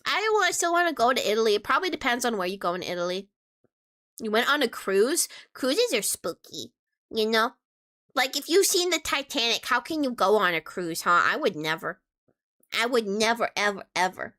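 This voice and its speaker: Lively, bright-voiced young woman streamer. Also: fairly high pitch, moderate pace. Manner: playful, teasing, animated. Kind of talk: casual chat answering viewers.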